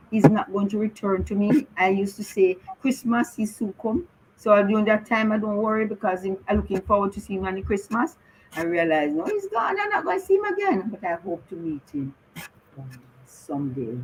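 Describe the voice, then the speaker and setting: A woman's voice: medium pitch, a little mellow, a little hiss or hum, rough recording. A middle-aged woman speaking on the radio as a bereaved mother, earnestly and repetitively urging listeners. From Jamaica. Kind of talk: emotional radio talk.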